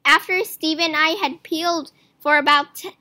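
A woman's voice: high-pitched, fairly even intonation, normal speed, sharp tone. A woman reading a children's book aloud, telling the story expressively and putting on voices for the characters. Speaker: reader.

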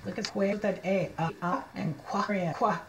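A woman teaching young children to read, sounding out letters slowly and cheering them on through a read-aloud lesson. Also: medium pitch, steady tone, roomy sound, slight background noise, low-quality recording. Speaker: reading teacher.

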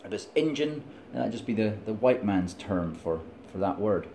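A man's voice: fairly low pitch, lively intonation, normal speed, vocal fry, mellow, slight background noise. A middle-aged man with a Scottish accent, vlogging in a rambling, digressive monologue, chatty and laughing often. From Scotland.

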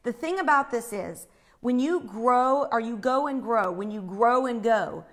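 A woman telling a personal faith story in an animated way, acting out the screams she describes. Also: on the high side, measured pace.

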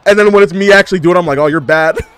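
A young man giving casual, animated gameplay commentary as a gaming YouTuber, trash-talking and exclaiming. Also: high voice, rapid-fire, noisy background. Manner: animated trash talk, frequent laughs and exclamations.

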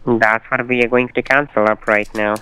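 A man's voice: medium pitch, little pitch movement, moderate pace, sharp tone, clear, resonant tone. A man on a scam call, giving insistent, repetitive instructions. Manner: insistent, repetitive, formulaic phrasing. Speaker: scam caller. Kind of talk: phone call. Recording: muffled dry phone line.

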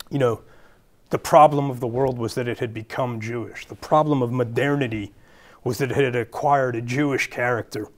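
A man with a Brooklyn accent giving a public lecture as a guest speaker, earnest and thinking aloud with fillers and restarts. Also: medium pitch.

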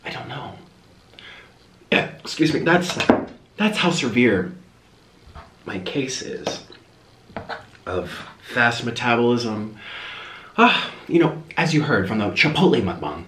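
A young man hosting a home eating show talks slowly and pauses often, his mid-range voice very animated, pushed and bright. He chats and rambles between bites, recorded with a roomy echo and slight background noise.

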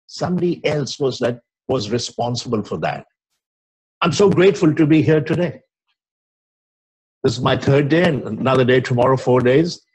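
An older physician with an Indian English accent gives a grand rounds talk to a lecture hall in a slightly husky voice. He tells stories and recites quotes, letting his voice drop low and quiet on their punchlines for dramatic effect.

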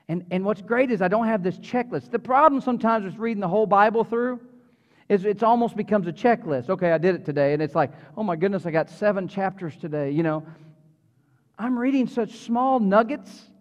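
A middle-aged man, a pastor, preaching a sermon in a church, animated and conversational with humorous asides to the congregation. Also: high voice, moderate pace. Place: church sanctuary. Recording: reverberant hall, slightly dull sound.

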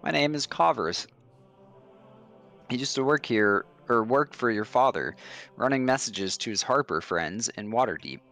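A man voicing a sly stranger who speaks in a measured, knowing way. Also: mid-range voice, animated, creaky, pushed and bright, faint music behind, exaggerated voice. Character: sly male stranger with a ring.

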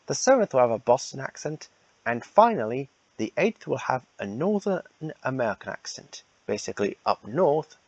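A man's voice: mid-range voice, a little mellow, breathy edge, no echo, rough recording. A man casually announcing the casting for a fan redub, rambling and repeating himself.

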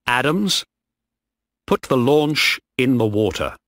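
A man's voice: medium pitch, big pitch swings, slow pace, fairly bright tone, no echo, clean studio sound, full character voice. A man voicing a desperate young male ship officer in a storybook reading. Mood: cold.

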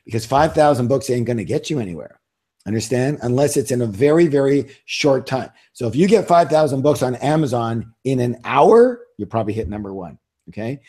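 Animated and fairly quick, his mellow mid-range voice carries stories told with easy self-assurance and emphatic repeats. He's a middle-aged author and seminar leader being interviewed.

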